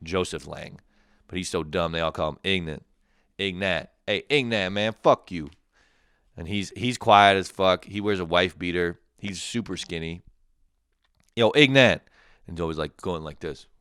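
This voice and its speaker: Deep-voiced man ranting crudely. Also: steady tone, normal speed, clean tone, no room sound, clean studio sound. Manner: profane, laughing, shifts into shouted mock quotes. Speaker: comedy podcast host. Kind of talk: crude solo comedy podcast rant.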